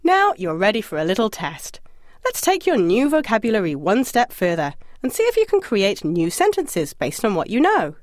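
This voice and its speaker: A woman narrating a scripted audio language lesson, encouraging and lightly humorous, asking the listener to answer out loud. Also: mid-range voice, wildly swooping pitch, moderate pace, dry recording, studio quality. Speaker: language course instructor.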